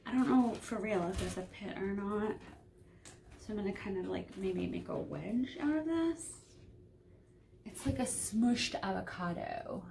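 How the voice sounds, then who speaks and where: A woman talks casually to her viewers, chatty and a little hesitant with frequent ums. Her voice sits at an ordinary middle pitch, and faint room noise stays under it. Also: vocal fry, darkish tone. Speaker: vlogger. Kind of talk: casual home vlog.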